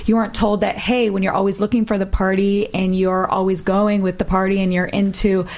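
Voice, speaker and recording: A woman's voice: mid-range voice, level tone, brisk, a little mellow. A woman from Minnesota, a guest in an interview, telling her personal story in a candid, casual way with lots of "you know".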